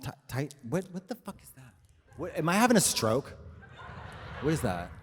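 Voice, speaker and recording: A man's voice: fairly high pitch, huge pitch swings, moderate pace. A man co-hosting a live comedy podcast on stage, rambling with lots of fillers and swearing. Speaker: co-host. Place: live stage show in a venue. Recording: reverberant live venue, faint noise.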